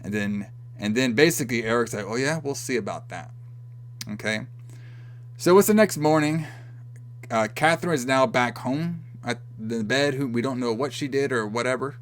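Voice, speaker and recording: On a podcast he co-hosts, a man chats casually through a recap of a film, performing the characters' dialogue with laughter and cursing. He speaks with a mid-range voice at a moderate pace.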